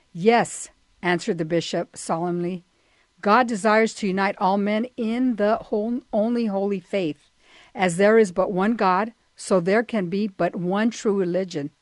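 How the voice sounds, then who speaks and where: A woman co-hosting a talk show, reading a story aloud in a steady way and murmuring agreement. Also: mid-range voice, unhurried, dry recording. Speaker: co-host.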